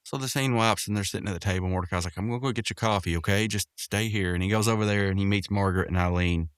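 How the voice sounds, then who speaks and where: A man hosting a podcast, casually recapping a cartoon episode, rambling and jumping into higher voices to act out the characters' lines. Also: fast, smooth, no echo, studio quality. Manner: rambling, acts out quotes in raised voices. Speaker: podcast host.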